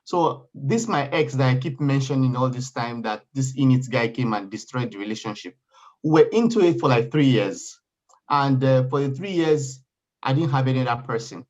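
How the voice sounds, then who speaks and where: A man's voice: mid-range voice, moderate pace. A man telling a personal story in a casual panel chat, acting out what others said. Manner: animated storytelling, acts out quoted voices. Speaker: panel guest. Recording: dull lo-fi sound.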